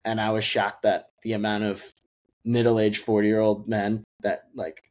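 Podcast co-host, young adult male, lower pitch, loose, filler-heavy casual chat. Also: level tone, measured pace. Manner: rambling, many "like" fillers and restarts. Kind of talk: casual movie review chat.

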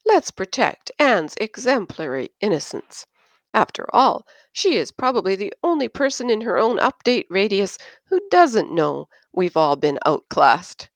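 A woman's voice: mid-range voice, big pitch swings, measured pace, no echo, voice pushed up. A woman reading aloud and voicing Josh, a jovial male pilot who teases with sarcasm. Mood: teasing.

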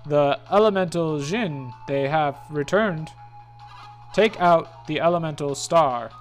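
A gamer voicing a grave, slow-speaking glowing eyeball spirit in a video game playthrough, with faint game music behind. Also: medium pitch, lightly acted. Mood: solemn. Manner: slow, solemn pronouncements.

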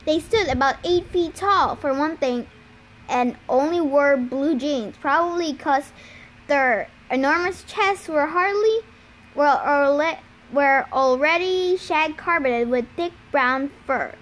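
A woman's voice: high-pitched, slow pace, fairly bright tone. A woman reading a novel aloud, with small stumbles and self-corrections along the way. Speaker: reader.

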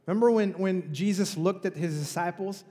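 Pastor guy preaching, kinda high voice, talks to the crowd w questions, big echoey church sound. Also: normal speed, dark tone. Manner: conversational, emphatic preaching with rhetorical questions. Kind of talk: sermon.

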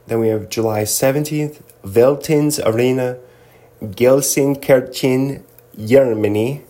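A man's voice: mid-range voice, slow, dark tone. Laid-back, jokey man from Southern California. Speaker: host. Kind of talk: casual video chat.

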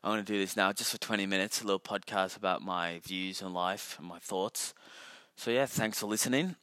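Young aussie bloke rambling on his podcast, swears a lot, lowish voice, super dry close mic. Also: fairly quick, pushed and bright, clear, resonant tone, no echo. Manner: rambling, self-mocking, swears often. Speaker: podcast host. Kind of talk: casual solo podcast monologue.

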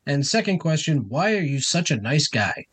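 A man co-hosting a podcast, relaxed as he reads out listener questions. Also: a little high, moderate pace, slightly rough. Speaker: podcast co-host. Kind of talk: casual podcast chat.

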